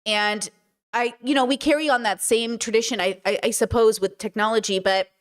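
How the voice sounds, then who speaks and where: A young woman hosting a live stream, chatting casually and telling family stories with lively acted-out quotes. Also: on the high side, moderate pace. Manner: animated storyteller, acts out family members' lines. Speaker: streamer host.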